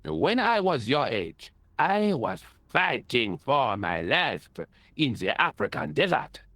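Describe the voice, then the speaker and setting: An actor playing a boastful elderly French ex-soldier with a French accent, in video game voice acting. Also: male voice, medium pitch, big pitch swings, slow, bright, forceful tone, no room sound, heavily acted. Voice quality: pompous, theatrical chuckling.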